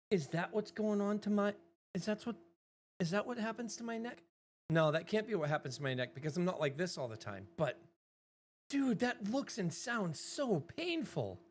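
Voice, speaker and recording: A middle-aged woman chats away on her live stream, and her pitch leaps and dips all over the place. She is excitable and breaks into loud exclamations, with a faint hiss behind her voice. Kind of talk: casual live-stream chat.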